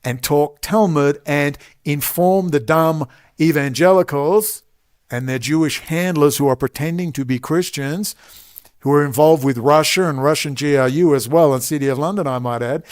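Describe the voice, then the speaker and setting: An Australian man delivering a combative, sarcastic ranting monologue to camera, talking loudly. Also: on the high side, moderate pace. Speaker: online commentator.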